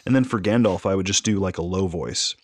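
A man with a fairly low voice, chatty and animated as he co-hosts a casual book podcast. The sound is close and dry. He tells his stories with lively energy. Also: a little fast, no room sound. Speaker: podcast co-host. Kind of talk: casual chat.

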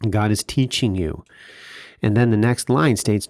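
A man's voice: fairly low pitch, measured pace, a little mellow, no room sound, studio quality. A man co-hosting a podcast, explaining Bible verses with emphatic rhetorical questions. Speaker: podcast co-host teaching scripture. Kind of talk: teaching podcast discussion.

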